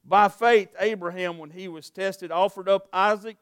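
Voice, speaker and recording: A middle-aged male pastor delivers a sermon with a high, smooth, resonant voice. He reads scripture aloud and presses his points with rising urgency. The sound is dry and close. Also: steady tone, normal speed, fairly bright tone, no room sound. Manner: preaching with rising intensity, scripture readings, light jokes.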